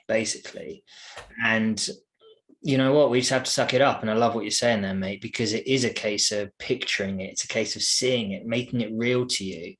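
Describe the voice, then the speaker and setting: A British man co-hosting a Bible podcast, talking in a relaxed, matey way. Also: fairly low pitch. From Britain. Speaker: podcast co-host. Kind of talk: casual Bible chat.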